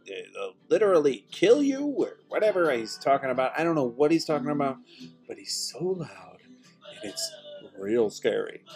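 Slow, rambling comedic podcast host. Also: medium pitch, darkish tone. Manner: absurd, self-pitying rant with swearing. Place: apartment at home. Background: rock music playing faintly.

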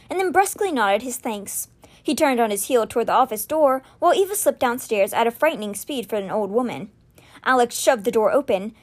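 A woman hosting a read-aloud podcast, reading a novel in an expressive storytelling manner. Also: a little high.

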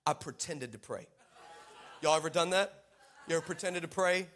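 Telling a comic story to his congregation, this preacher has a fairly high male voice and an animated, teasing manner. The energy of his delivery keeps climbing and dropping.

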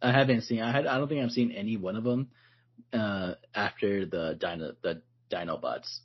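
A man co-hosting a podcast in casual chat, relaxed and loose, says "like" a lot and laughs often. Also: fairly low pitch, moderate pace, slightly rough, dull audio. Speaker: podcast co-host.

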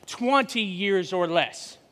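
High-voiced joking preacher in a hall. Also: male voice, slow. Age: 40s. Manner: joking, energetic crowd banter. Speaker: guest preacher. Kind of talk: sermon with audience interaction. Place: church hall.

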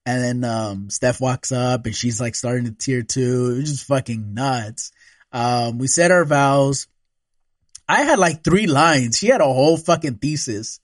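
A man's voice: medium pitch, measured pace. A man telling a story in a loose, casual chat. He swears freely and laughs often, with a mid-range voice. The sound is dry and close, with no room echo. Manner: relaxed, profane, laughs often.

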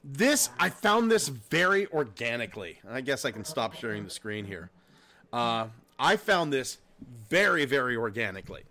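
A man hosting a casual podcast, telling stories in a profane, laughing, animated way. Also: medium pitch, normal speed. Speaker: podcast host. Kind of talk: casual chat.

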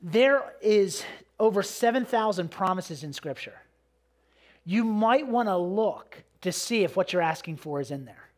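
High-voiced pastor preaching casually. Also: male voice, expressive, unhurried. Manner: casual, repeats words, many fillers. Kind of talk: conversational sermon with personal story.

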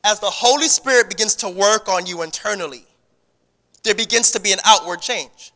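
A man's voice: high voice, normal speed, bright, forceful tone, long reverb tail. A man preaching a sermon to his congregation in a conversational style, repeating words and restarting phrases as he goes. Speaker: pastor. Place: church sanctuary.

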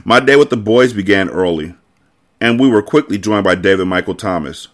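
A man, host of a podcast, reading a children's novel aloud with casual, expressive delivery. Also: fairly low pitch, brisk. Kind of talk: book reading narration.

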